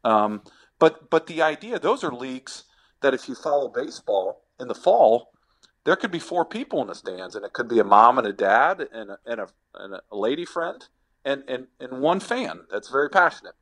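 A middle-aged man who once played ball and now works as a sports agent answers podcast questions haltingly and reflectively, restarting often. His mid-range voice is sing-song and a bit bright.

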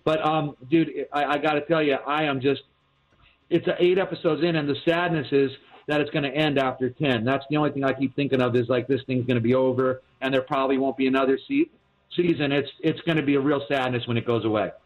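A man's voice: medium pitch, fairly even intonation, fast talker. A man critiquing TV shows in casual chat, rambling with many restarts and fillers, and hiccuping as he talks. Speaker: TV critic guest. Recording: tinny phone line.

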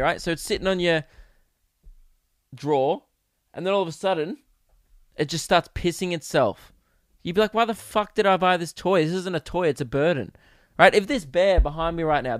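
A man's voice: a little high, no echo, clean studio sound. A young man hosting a solo podcast, telling rambling, profane comic stories in a casual chat. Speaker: podcast host. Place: home podcast setup.

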